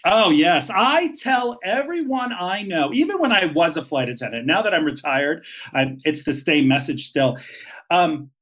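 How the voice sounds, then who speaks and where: A man's voice: fairly high pitch, sing-song, normal speed, fairly bright tone. Chatty man, dull lo-fi sound. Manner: chatty and emphatic, laughs easily. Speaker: podcast guest, retired flight attendant. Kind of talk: casual interview.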